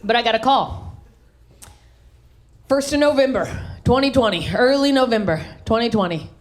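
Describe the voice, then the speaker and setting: A woman from the American South doing a live stand-up comedy set on a handheld stage mic, brash, swinging her voice high and low for punchlines. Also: expressive, moderate pace. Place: live comedy venue with audience. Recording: live show with crowd laughter. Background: audience laughter.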